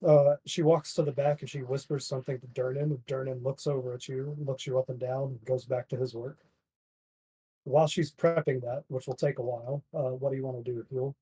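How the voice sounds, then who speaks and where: Husky-voiced man running a tabletop game. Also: mid-range voice, fairly even intonation, brisk, mellow, poor audio. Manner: plays the merchant and innkeeper voices with "he says". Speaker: game master.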